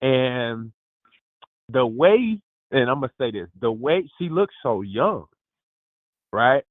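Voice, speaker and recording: A man in his fifties hosting a lively group call, exuberant and emphatic, often calling out to his listeners. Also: mid-range voice, takes it slowly, dry recording. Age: 50s. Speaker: host. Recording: dry tinny phone line.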